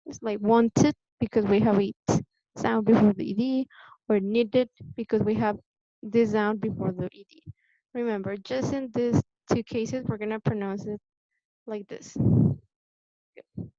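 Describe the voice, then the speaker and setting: A woman teaching English pronunciation in a patient, deliberate way, repeating the key points for her students. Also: mid-range voice, steady tone, warm tone, dry recording. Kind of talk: classroom lesson explanation. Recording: dull lo-fi sound, dry.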